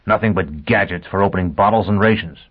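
A man's voice: sits low, quick pace, breathy edge. A male reader voicing a volatile, hot-tempered young spaceman who talks bluntly and impatiently. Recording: tinny phone-like sound.

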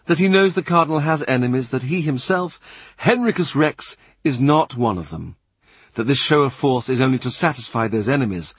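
A man reading a literary novel aloud in a measured, understated way. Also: medium pitch, breathy edge, no echo. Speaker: audiobook narrator. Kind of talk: scripted literary narration.

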